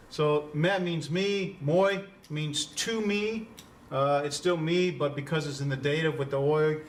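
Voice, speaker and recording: A man with a medium-pitched voice teaches an introductory Greek class in a conversational lecture style, quizzing students and chuckling at his own puns. The mic is distant, with slight background noise.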